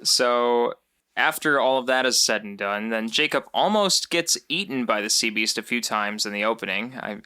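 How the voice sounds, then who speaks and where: A podcast co-host with a bright, crisp voice keeps the film talk loose and jokey. Reads quotes from notes now and then and throws in wisecracks, at an everyday middle pitch. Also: lively intonation, moderate pace. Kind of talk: casual film recap chat.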